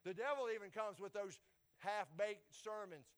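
A man preaching a sermon, stammering and repeating words as he builds toward loud, shouted peaks. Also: high voice, normal speed. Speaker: pastor.

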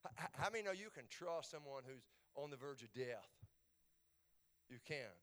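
A man preaching a sermon as a pastor in a nearly empty church, stammering through repeats as he swings between soft pleading and loud, fervent declarations. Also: mid-range voice, expressive, normal speed. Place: church sanctuary, mostly empty.

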